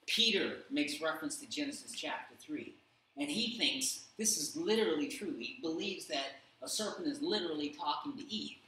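Bright-voiced man teaching in an echoey room. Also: on the high side, normal speed. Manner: animated storytelling with many fillers. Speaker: Bible study teacher. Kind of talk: casual Bible study discussion. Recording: very echoey room, faint background hum.

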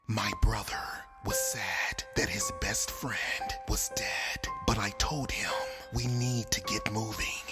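A woman giving whispered narration of an animated story in a hushed, breathy way, over background music. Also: rumbling low, slow pace. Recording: music playing behind.

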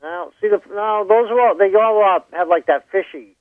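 Maine guy telling stories, kinda high voice, thin phone-ish audio. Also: moderate pace, no room sound, phone-quality sound. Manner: folksy, chatty storyteller. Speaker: guest. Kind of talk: casual storytelling chat.

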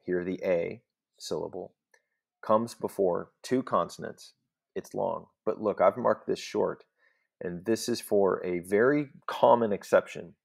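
A man's voice: low voice, gravelly, darkish tone. A man teaching a recorded Latin lesson, explaining step by step in a patient voice and often checking in with "okay?".

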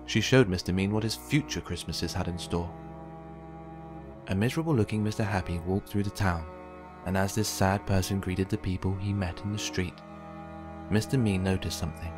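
A man reading a children's picture book aloud with gentle, expressive storytelling. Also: low voice. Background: faint background music.

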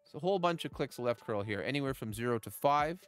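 A middle-aged man, chatting with his live chat while giving game commentary, swinging from calm tips to loud outbursts. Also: mid-range voice, fast talker, clean tone, soft background music. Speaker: gaming livestreamer.

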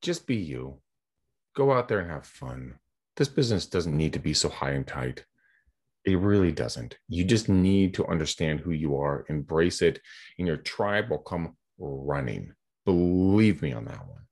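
A man's voice: extremely low pitch, a little slow, breathy edge. A middle-aged man from California, a real estate agent, telling rambling anecdotes in a casual podcast interview over a video call. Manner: energetic, chatty, rambling anecdotes with quoted dialogue.

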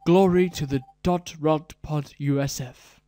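A man's voice: fairly high pitch, fairly even intonation, a little slow, mellow, clean tone, natural voice. A man voicing a pompous male council announcer, reading a formal proclamation aloud and stumbling over long words. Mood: proclaiming.

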